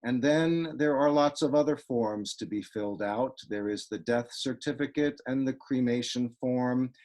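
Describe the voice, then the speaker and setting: A man reading his own poems aloud over a video call, with a dry, wry deadpan delivery. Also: mid-range voice, moderate pace. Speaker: poet reading his work.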